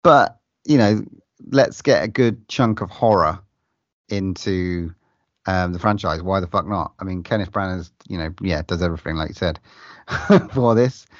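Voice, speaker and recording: Male podcast co-host, easygoing and sweary, low and animated, slightly dull recording. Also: unhurried, no echo. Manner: laid-back, swears casually. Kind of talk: casual film chat.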